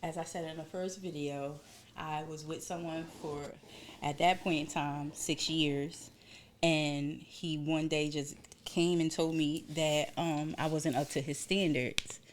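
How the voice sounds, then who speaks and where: A woman's voice: sits low, steady tone, measured pace, a little hiss or hum. A young woman co-hosting a podcast, telling a personal story in casual chat and acting out the voices in her quotes. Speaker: podcast co-host.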